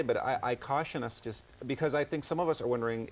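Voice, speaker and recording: A man's voice: medium pitch, rough recording. A man guesting on a TV news interview as an author, speaking earnestly with frequent stammered restarts. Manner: earnest, halting, many restarts.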